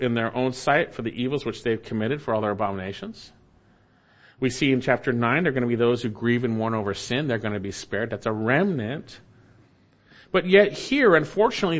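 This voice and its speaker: A man preaching an expository sermon, emphatic and swinging between loud, lifted lines and low, quiet asides. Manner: emphatic, rising and falling with emphasis. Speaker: pastor.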